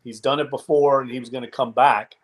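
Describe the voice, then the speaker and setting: Male podcast co-host, casual sports chat, analytical, measured delivery. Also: mid-range voice, steady tone. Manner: measured, analytical, frequent restarts.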